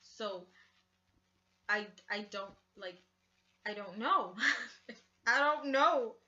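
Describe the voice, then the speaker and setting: A woman's voice: mid-range voice, lively intonation, drawn-out words, sharp tone. A young woman telling a story in a casual, chatty way, full of fillers and swearing, on a dull lo-fi recording. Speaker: vlogger. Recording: dull lo-fi sound.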